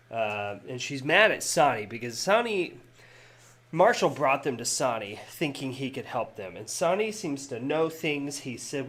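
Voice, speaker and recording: A man's voice: medium pitch, a bit bright. A man narrating a tabletop game session as game master, hesitant with frequent fillers and restarts.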